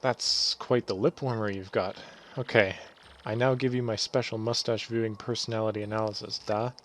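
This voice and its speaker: A pompous little bob-omb fancies himself an expert at reading mustaches, as a man voices him. He talks in loud, theatrical broken English, like a character in a video game. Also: lowish voice, steady tone, moderate pace, slight background noise, natural voice.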